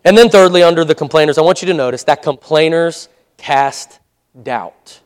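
High-voiced man preaching a sermon. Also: a little fast, clear, resonant tone. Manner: conversational, laughing asides, calls of amen. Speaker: pastor.

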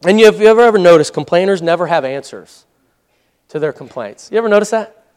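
A man's voice: high-pitched, expressive, fast talker, a little mellow. A man preaching a sermon in a conversational way, with laughing asides and calls of amen. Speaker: pastor.

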